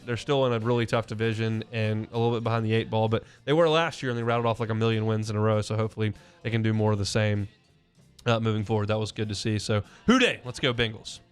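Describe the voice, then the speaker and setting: Male sports radio host, smooth and resonant, mid-pitched, chatty and opinionated, faint music underneath. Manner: conversational, opinionated, many restarts. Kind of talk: casual sports talk. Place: radio studio. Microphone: studio mic.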